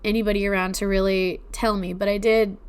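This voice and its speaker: A woman's voice: medium pitch, flat delivery, a little fast, clear, resonant tone. Teary, chatty young woman telling ghost stories. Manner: emotional, tearful at times, chatty with fillers. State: teary-eyed. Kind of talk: casual personal storytelling.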